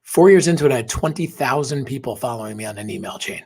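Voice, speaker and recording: Husky guy on a podcast, earnest story, goes whispery at the soft parts, mid-pitched voice. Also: expressive, fast talker. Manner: earnest, emotional, drops to a whisper at tender moments. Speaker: podcast guest. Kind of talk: personal storytelling in an interview.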